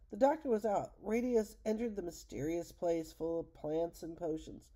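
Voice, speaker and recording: Gentle older grandmother reading aloud. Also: on the low side, a little slow. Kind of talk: read-aloud storybook narration.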